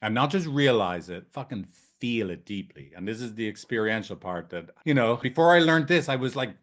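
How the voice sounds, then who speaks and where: In a room with a whiteboard, a male couples therapist gives a casual training talk, blunt and freely swearing. His mid-range voice is animated and a little fast, and he keeps checking in with his listeners.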